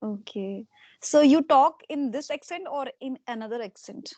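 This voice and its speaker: Brief: middle-aged woman interviewer, a bit high, dry close sound, soft "okay"s. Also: expressive, moderate pace, no echo. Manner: soft repeated acknowledgements. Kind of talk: casual interview.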